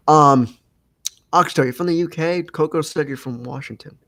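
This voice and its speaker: A man's voice: fairly high pitch, moderate pace, a bit bright, poor audio. Rambling young male podcast host. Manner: rambling, many fillers and restarts. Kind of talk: casual livestream podcast chat.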